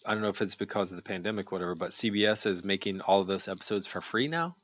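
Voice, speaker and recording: A man's voice: deep voice, fast talker, a bit bright, muffled recording, a little hiss or hum. A man rambling in casual chat as a podcast co-host, swearing freely and restarting his sentences often.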